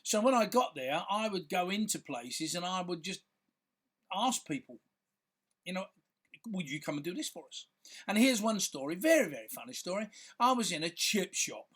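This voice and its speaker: A man's voice: sits high, very animated, moderate pace, fairly bright tone. A man, a filmmaker talking casually to camera in a rambling, chatty way, full of fillers and restarts. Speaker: filmmaker and content creator.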